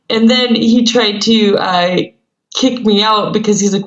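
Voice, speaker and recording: A woman's voice: medium pitch, measured pace. A woman, co-hosting a casual podcast and telling a story while acting out both sides of the dialogue. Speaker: co-host. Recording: dull lo-fi recording.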